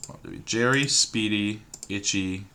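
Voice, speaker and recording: Guy muttering thru a word puzzle at his desk, lowish voice, kinda sharp tone, faint typing behind. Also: normal speed, slight background noise. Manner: musing, hesitant, trailing off and repeating words to himself. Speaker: puzzle game streamer. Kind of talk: thinking aloud while solving a word puzzle.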